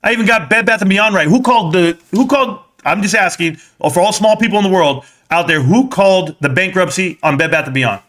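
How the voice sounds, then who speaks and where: A man with a high, bright, forceful voice hosts a live stream about stocks. He sounds heated and combative, firing back at people in his chat. His delivery is punchy and confrontational throughout. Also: lively intonation, brisk, few pauses.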